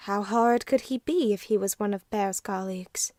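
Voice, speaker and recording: A woman narrating an audiobook in a measured, unhurried reading. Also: medium pitch, darkish tone, dry recording, studio quality. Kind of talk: scripted narration.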